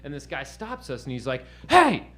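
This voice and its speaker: A man's voice: medium pitch, big pitch swings, a little fast, a bit bright. A man doing stand-up, telling a rambling, profane story and asking the crowd "right?" over and over. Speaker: stand-up comedian. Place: comedy stage before a live audience. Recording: live room with audience laughter.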